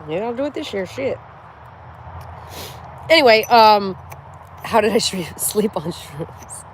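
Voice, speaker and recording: A woman's voice: medium pitch, slow pace, a little hiss or hum. Laughing, profane middle-aged woman vlogger. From United States. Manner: laughing often, profane, animated storyteller. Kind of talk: casual storytelling chat to camera.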